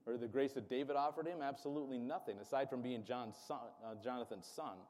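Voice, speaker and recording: A man's voice: mid-range voice, quick pace, darkish tone. A man preaching a sermon who keeps checking in with his congregation and has them repeat phrases after him. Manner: call-and-response, checking in with the congregation. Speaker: pastor. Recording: reverberant hall sound.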